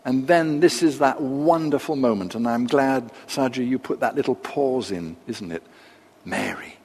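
Older male pastor, lively intonation and measured pacing, recorded in a big echoing hall. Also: mid-range voice, slightly rough. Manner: measured, with pauses and asides. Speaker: preacher. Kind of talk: sermon. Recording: long reverb of a large hall.

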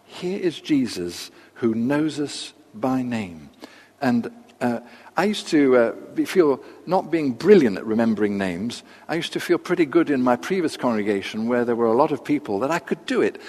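Older male pastor, lively intonation and measured pacing, recorded in a big echoing hall. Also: mid-range voice. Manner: measured, with pauses and asides. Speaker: preacher. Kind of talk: sermon. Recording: long reverb of a large hall.

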